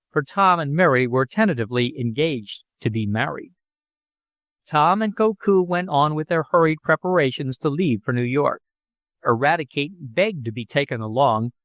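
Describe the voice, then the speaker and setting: Expressive male audiobook narrator. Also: fairly high pitch, normal speed, dry recording. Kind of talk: scripted narration.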